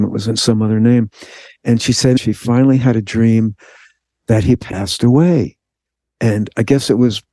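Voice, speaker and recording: An interview guest tells a personal story with lively energy, taking on the voices of the people he quotes. His fairly low voice is dark and mellow, recorded close and dry with no room sound.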